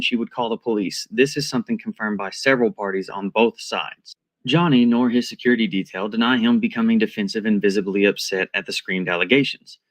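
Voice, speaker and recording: A man with a mid-range voice reads a scripted commentary, measured, deliberate, and analytical.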